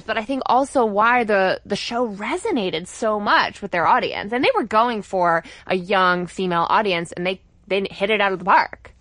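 A woman co-hosting a podcast, chatting in an opinionated way with quick asides. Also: medium pitch, fairly bright tone, no echo. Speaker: podcast co-host. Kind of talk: casual chat.

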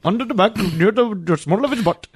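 A man putting on a squeaky Indian-accented voice. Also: lively intonation, brisk, slightly rough, no room sound, clean studio sound. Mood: hammy. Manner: exaggerated, squeaky, sing-song. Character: high-pitched hammy Indian-accented man.

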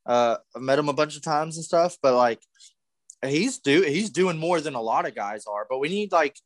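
A young man with a fairly high voice, chatting as a podcast co-host. He tells excitable stories, shouts out bits of them and swears freely, recorded dry and close. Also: normal speed, dry recording. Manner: excitable storyteller, loud acted-out yells, swears freely. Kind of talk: casual chat.

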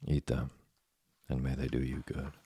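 A gentle, patient old woodcarver, voiced by a man reading a storybook. His voice is very deep and dark, with a husky rasp. The sound is dry and close. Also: completely flat delivery, moderate pace, no echo, heavily acted. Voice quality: gravelly, husky.

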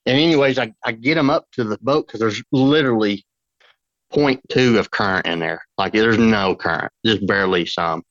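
A man, a fishing guide on a podcast, telling a long story in a rambling, excited way with lots of fillers. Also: fairly low pitch, moderate pace, no echo, muffled recording. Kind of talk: casual storytelling.

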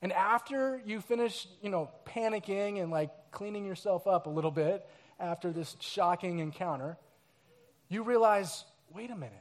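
High-voiced storytelling pastor, a man. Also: moderate pace. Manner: storytelling, animated, acts out scenes and quotes. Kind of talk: sermon.

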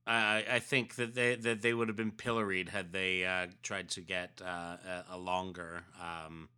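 A man in a casual chat talks slowly and agreeably. His voice is smooth and bright. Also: deep voice, flat delivery. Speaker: podcast co-host.

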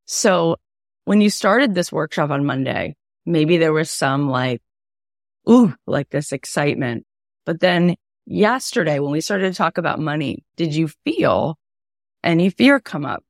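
A woman coach teaching an online workshop in a chatty, animated way, her voice raspy from a cold. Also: sits low, measured pace, no room sound, clean studio sound. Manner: animated, chatty, lots of "right?". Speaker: wealth coach.

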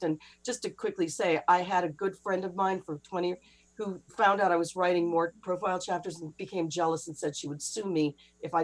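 A middle-aged woman author, a guest on an interview, telling a personal story in a lively rush with laughing asides. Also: lowish voice, rough recording. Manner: breathless, laughing retelling with quick asides. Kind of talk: animated anecdotal storytelling.

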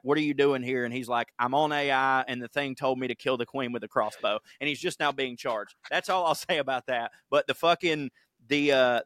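A Southern man swaps stories in bursts, swearing freely and acting out other people's lines. His voice sits a little high for a man. He is recorded close on a dry mic. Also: a bit bright, dry recording. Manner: profane, storytelling, quick bursts. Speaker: podcast co-host. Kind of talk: casual chat.

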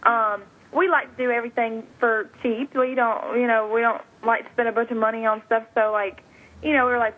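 A young Southern woman with a Louisiana drawl, talking over a tinny phone line. Her voice sits a little high, and she rambles on loosely, full of fillers. She sounds like a guest in a casual interview. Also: flat delivery, a little fast. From northern Louisiana. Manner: rambling, heavy with fillers like "you know" and "like". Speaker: guest, online video creator.

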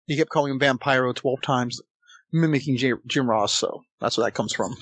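A man's voice: medium pitch, brisk, fairly bright tone, slightly rough, no room sound. A man co-hosting a casual podcast, laid-back and chuckling as he adds trivia asides. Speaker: podcast co-host.

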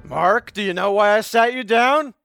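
A man voicing a brash, self-absorbed young male cartoon reporter who yells and bosses his assistant around. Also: normal speed, vocal fry, clean tone, soft background music. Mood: excited. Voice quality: high, yelling and bossy. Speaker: field reporter. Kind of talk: cartoon voice acting.

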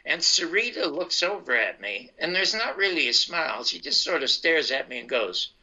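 Older male storyteller, very bright and fairly high voice, lo-fi sound. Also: normal speed, breathy edge. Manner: animated anecdotal, acts out dialogue. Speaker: comedian telling his life story. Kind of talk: casual storytelling. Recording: dull lo-fi sound.

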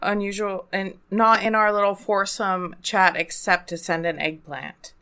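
A woman's voice: medium pitch, fairly even intonation, unhurried, pushed and bright, clean tone. A woman co-hosting a podcast in casual chat, giggly and rambling. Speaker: podcast co-host.

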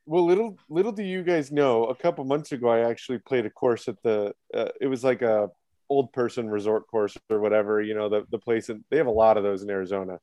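A man's voice: medium pitch, fast, warm tone, dry recording. A man, a guest on a podcast, telling a self-mocking story in casual chat. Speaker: podcast guest, head of production.

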